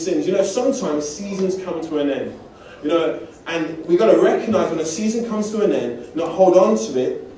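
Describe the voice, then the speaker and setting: A man's voice: a little high, warm tone, a little hiss or hum. A man from England preaching a sermon, telling personal stories in a conversational way with self-deprecating humor. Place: church hall. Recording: distant mic in an echoey church hall.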